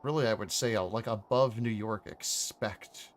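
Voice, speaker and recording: A man's voice: lowish voice, brisk, slight background noise. Joking man from Pennsylvania. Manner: joking, rambling asides. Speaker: game master. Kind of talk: casual chat during a tabletop game.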